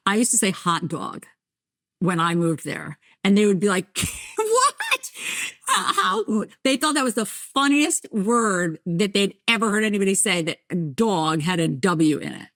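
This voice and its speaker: A middle-aged woman from New Jersey with a light New Jersey accent, a journalist telling stories as a podcast guest, animated and self-deprecating. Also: mid-range voice, moderate pace, hardly any pauses, no echo, studio quality. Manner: animated storyteller, acts out voices, self-deprecating. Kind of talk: candid conversational interview.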